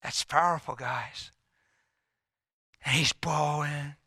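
A middle-aged man preaching a sermon, telling a story and swinging from loud, emphatic lines to hushed whispers. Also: on the high side, fairly even intonation, takes it slowly, husky, no room sound, clean studio sound.

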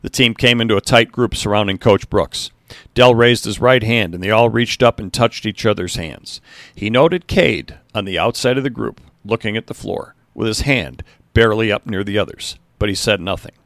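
A man's voice: fairly low pitch, moderate pace, fairly bright tone, dry recording, clean studio sound. A man narrating a story, reading steadily and now and then correcting a slip.

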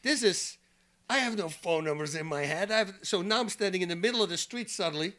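A man as a podcast guest, telling lively anecdotes and laughing through his own stories. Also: high-pitched, quick pace. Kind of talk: animated storytelling.

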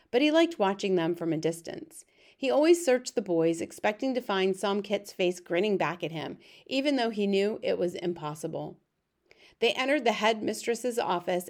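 A woman's voice: mid-range voice, a little mellow. Woman narrating a children's novel. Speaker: audiobook narrator. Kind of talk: scripted narration.

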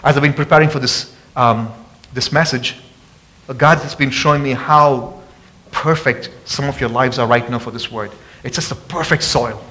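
A man preaching a sermon as pastor, passionate and calling out to the congregation for responses, often rising loud and high for emphasis. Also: normal speed, slight background noise. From abroad. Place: church sanctuary.

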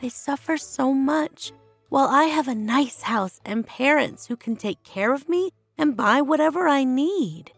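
A woman voicing a bright, curious eleven-year-old princess girl who speaks earnestly and sometimes shyly. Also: high-pitched, animated, a little slow, creaky, dry recording, faint music behind, voice pushed up, full character voice.

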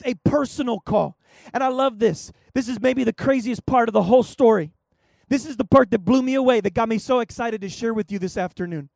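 A man preaching an open-air sermon at a fairground, impassioned and rising to shouts. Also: extremely high pitch, dry recording. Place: outdoor fairground event.

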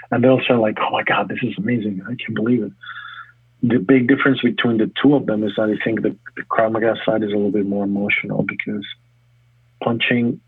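Husky-voiced man on a tinny line. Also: fairly low pitch, no echo. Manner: energetic, talks in quick restarts. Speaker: gym owner and fitness coach. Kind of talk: casual interview talk.

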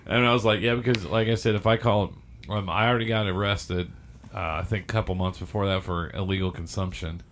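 Guy on a podcast with a lowish voice, laughs through his story and does the other people's lines. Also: fairly even intonation, brisk, fairly bright tone, slight background noise. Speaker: podcast co-host. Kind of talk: casual chat.

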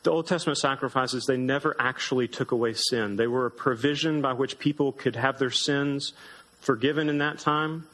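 A man's voice: steady tone, moderate pace, a bit bright, low-quality recording. A man preaching an earnest sermon as pastor, lifting his voice for emphasis. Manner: earnest, rises in pitch for emphasis.

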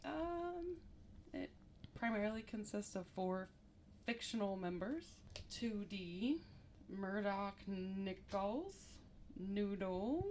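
An upbeat woman co-hosting a casual music podcast, chatting freely and filling pauses with ums. A faint background noise hums under her voice. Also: mid-range voice, lively intonation, darkish tone. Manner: chatty, upbeat, lots of fillers. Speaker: podcast co-host.

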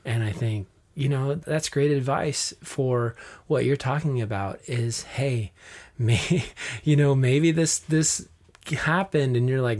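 A man's voice: medium pitch, slow, darkish tone. A man in an earnest, casual faith talk, reading scripture aloud and sharing how it moves him, with frequent ums and restarts.

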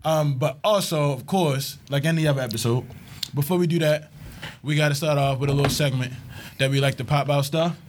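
A man's voice: fairly high pitch, noisy background. A man co-hosting a casual podcast, joking around and rambling playfully with his co-host and guest. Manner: playful, rambling, quick talker.

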